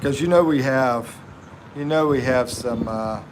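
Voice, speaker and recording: This medium-pitched male voice belongs to an American livestream host based in the Philippines. He's chatty and laughing, slowly drawing out his words while reading viewer comments, with a little background noise present.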